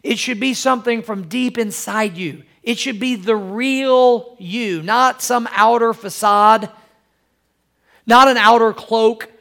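A man's voice: very high voice, slow pace, vocal fry, sharp tone. A male pastor preaching a sermon, talking straight to his congregation, repeating phrases for emphasis and calling for amens. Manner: addresses congregation directly, calls for amens.

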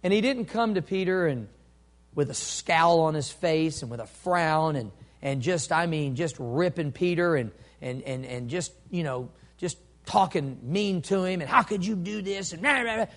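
High-voiced man preaching a sermon. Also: expressive, measured pace. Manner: swings from hushed storytelling to loud impassioned preaching. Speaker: pastor.

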